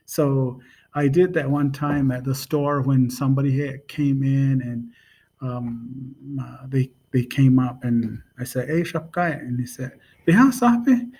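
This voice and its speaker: A man gives a relaxed, casual language lesson at a very slow pace, pausing often and filling the gaps with ums and uhs. His voice is husky and a little breathy, with mid-range pitch. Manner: unhurried, hesitant, with many pauses and fillers. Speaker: language teacher.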